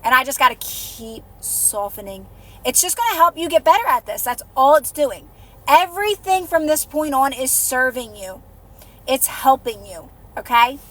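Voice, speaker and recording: A woman hosting a livestream as a manifestation coach gives soothing, repetitive encouragement in casual coaching talk, going softer when she guides listeners toward calm. Her voice sits high and moves at a moderate pace, and she sounds out of breath.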